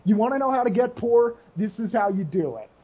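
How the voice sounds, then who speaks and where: Husky high-voiced man in his twenties. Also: expressive, brisk, highs cut off. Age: 20s. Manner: rambling, frank, restarts often. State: short on sleep. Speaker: podcast co-host. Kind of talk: casual rant.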